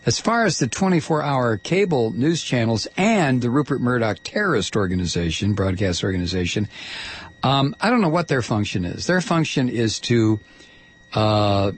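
Husky-voiced middle-aged male radio host, ranting and stammering through a political monologue. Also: medium pitch. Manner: heated, ranting, stammering restarts.

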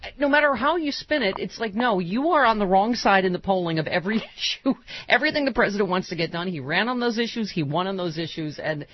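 A woman hosting a political talk radio show, bantering fast with lots of restarts and laughs. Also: medium pitch, expressive, lo-fi sound, slight background noise. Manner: quick, laughing, restarts a lot.

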